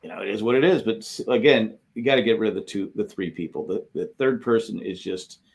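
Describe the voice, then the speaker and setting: A man co-hosting a podcast, talking in a halting way with frequent restarts. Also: fairly low pitch, gravelly. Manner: halting, many restarts and fillers. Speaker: podcast co-host. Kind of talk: casual chat.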